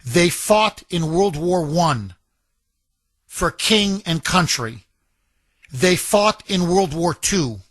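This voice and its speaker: A man hosting a talk radio show, reading a listener's letter aloud with slow, emphatic delivery and repeated lines for weight. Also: high voice, animated, fairly bright tone, no echo.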